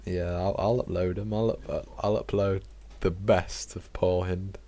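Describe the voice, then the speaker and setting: A man co-hosting a podcast in a relaxed way, chiming in with short questions. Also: low-pitched, unhurried, slight background noise. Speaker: podcast co-host. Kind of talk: casual chat.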